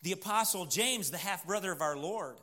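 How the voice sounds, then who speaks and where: A man preaching a sermon, emphatic, pausing for the congregation to fill in words. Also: high-pitched, sharp tone. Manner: emphatic preaching with call-and-response pauses. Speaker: pastor.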